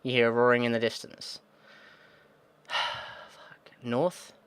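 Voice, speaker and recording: Male let's-play host reading game text, mid-pitched, cursing asides, thinking aloud. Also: level tone, fairly quick, fairly bright tone, clear, resonant tone, no echo. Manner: swears often, mutters frustrated asides; thinks aloud, reads text then reacts. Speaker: gaming video host.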